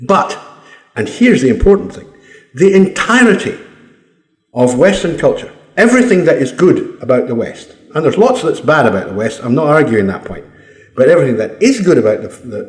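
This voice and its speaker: A man's voice: medium pitch, a little mellow. A Scottish man giving a blunt, combative opinion monologue, swearing freely. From Scotland. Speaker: commentator. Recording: roomy echo.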